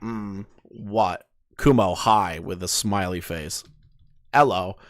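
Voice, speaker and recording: A man's voice: sits low, slow. A man in his late twenties hosting casual commentary, reading messages aloud and mocking them with incredulous, profane asides. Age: late 20s. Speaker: commentary host.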